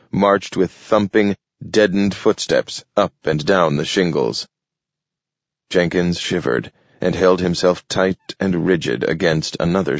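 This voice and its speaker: Deep-voiced, slow male narrator. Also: gravelly, no room sound. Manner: slow and measured. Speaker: audiobook narrator. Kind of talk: scripted narration. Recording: dull lo-fi audio, dry.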